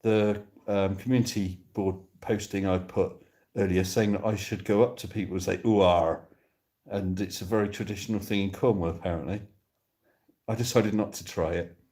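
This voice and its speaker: A lower-pitched man from Devon talks into his phone during a live stream. He is chatty and playful, tossing jokey asides to viewers as he reads their comments. The recording has a casual, at-home feel from a sofa. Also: fairly even intonation, a little fast, dark tone. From Devon, England. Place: indoors on a sofa.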